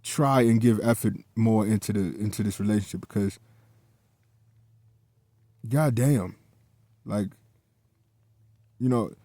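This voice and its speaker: A man's voice: lowish voice, slow pace, long pauses, warm tone, no room sound. A man telling a personal story in a casual, heated monologue, swearing often and repeating himself as he goes.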